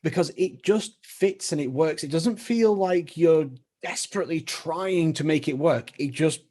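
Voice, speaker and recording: A man hosts a casual interview chat, eager and quick to laugh. He often stumbles over his first words. His voice sits a little high for a man. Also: a little mellow. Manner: enthusiastic, laughs often, stammering restarts. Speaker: podcast host.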